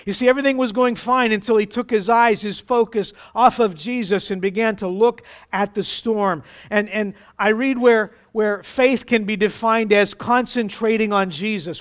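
A pastor preaching a sermon to his congregation, with dramatic pauses and acted-out quotes. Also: high voice, clean tone.

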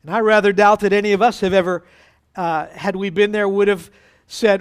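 A pastor preaching a sermon to his congregation, with dramatic pauses and acted-out quotes. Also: high voice, flat delivery, clean tone.

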